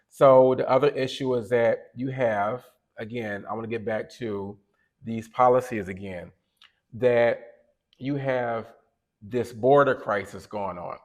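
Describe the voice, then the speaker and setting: A man co-hosting a podcast, giving opinionated casual commentary that rambles and corrects itself as he goes. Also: fairly low pitch. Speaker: podcast co-host.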